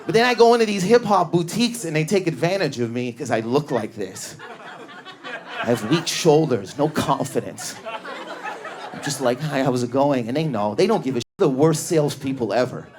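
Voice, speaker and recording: A Canadian man doing stand-up, telling animated stories and bursting into shouted impressions of other people. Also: on the high side, moderate pace. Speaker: stand-up comedian. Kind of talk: stand-up routine. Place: comedy club stage before a live audience. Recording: live club with loud crowd laughter. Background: audience laughter.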